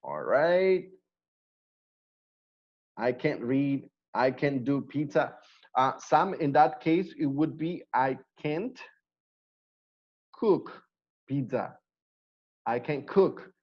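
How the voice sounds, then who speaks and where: A man's voice: medium pitch, animated, slow, long pauses, highs cut off. A man teaching an online English class, patiently repeating words to drill pronunciation.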